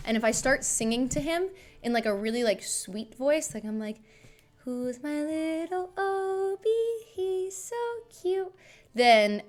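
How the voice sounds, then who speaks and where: A woman in her thirties chatting casually and fondly on a home livestream, bubbly and talkative. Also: on the high side. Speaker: streamer.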